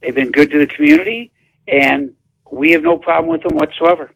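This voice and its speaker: A man's voice: on the high side, huge pitch swings, a little fast, creaky, fairly bright tone, breathy edge, poor audio. A man, a town mayor calling in to a radio show, answering bluntly and emphatically. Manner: blunt, emphatic, dismissive of controversy. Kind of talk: radio phone interview.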